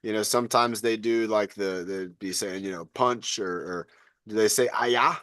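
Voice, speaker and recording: A man's voice: fairly low pitch, normal speed, a bit bright, dry recording, clean studio sound. A man coaching a live online fitness class over a video call, chatty and encouraging.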